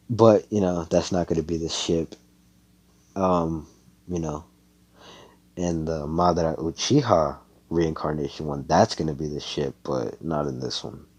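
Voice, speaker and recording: A man's voice: very deep voice, fairly even intonation, measured pace, a little mellow, breathy edge, rough recording. A young man casually telling a fan-made story over voice chat, rambling, swearing and correcting himself. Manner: rambling, profane, self-correcting. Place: home, on a voice chat. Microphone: computer headset mic.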